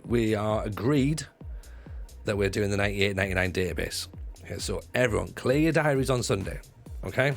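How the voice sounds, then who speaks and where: A former stand-up comic turned livestreamer jokes around with his viewers in casual chat, swearing freely and restarting his sentences. He has a lowish voice with vocal fry.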